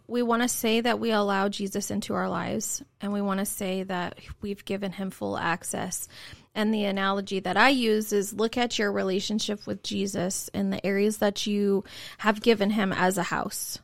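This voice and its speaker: A woman's voice: mid-range voice, flat delivery, normal speed, creaky, dry recording. A woman co-hosting a casual church talk, explaining steadily and laughing easily.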